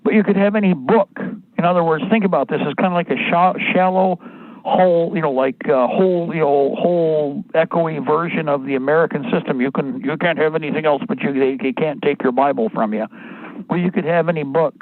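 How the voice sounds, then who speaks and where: A man's voice: a little high, brisk, no room sound. A man hosting a talk radio show, rambling and blunt, often restarting his sentences, crude at times. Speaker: radio host. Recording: dry, tinny phone-like sound.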